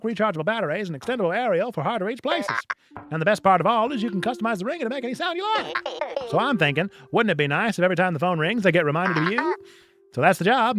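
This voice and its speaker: A man's voice: sits high, a bit bright, voice pushed up. A man reading game dialogue as a cheerful, rambling older uncle who is proud of his gadgets.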